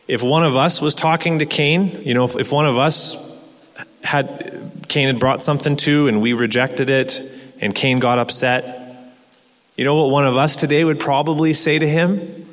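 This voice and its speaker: A man's voice: medium pitch, a little slow, pauses often, fairly bright tone. A man preaching a sermon in an earnest way, asking rhetorical questions and repeating words as he restarts. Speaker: pastor. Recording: long hall reverb.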